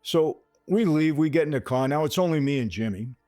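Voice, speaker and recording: A man's voice: a little high, expressive, fairly quick, mellow, no room sound, clean studio sound, soft background music. A man hosting a podcast, telling a personal story straight to his listeners and acting out the dialogue. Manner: speaks straight to listeners, calling them "people"; retells scenes by acting out quoted dialogue. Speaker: podcast host. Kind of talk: storytelling monologue.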